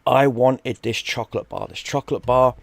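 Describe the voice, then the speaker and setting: A man's voice: medium pitch, moderate pace, gravelly, dry recording. A middle-aged man, casually telling a story, swearing freely and acting out what people said. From London, England. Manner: animated, swears freely, acts out quoted people. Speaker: streamer.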